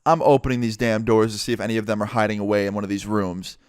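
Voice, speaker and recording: A young man telling a personal story in a casual, animated way, swearing often. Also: lowish voice, quick pace, no room sound, clean studio sound. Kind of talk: storytime narration.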